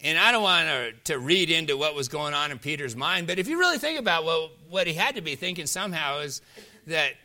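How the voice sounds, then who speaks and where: A male pastor delivers a sermon with a bright, forceful tone. He retells scripture as lively stories, pressing hard on key lines and then dropping to a hush. His delivery is animated and emphatic throughout. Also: on the high side, a little fast. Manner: animated storytelling preacher, swings between loud emphasis and soft hushed lines.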